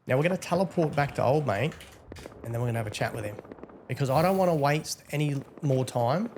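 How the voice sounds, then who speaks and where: A man's voice: mid-range voice, lively intonation, fast talker, darkish tone, a little hiss or hum. A young man running a game server, chatting casually over gameplay in a tired, teasing drawl full of fillers. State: tired, yawning.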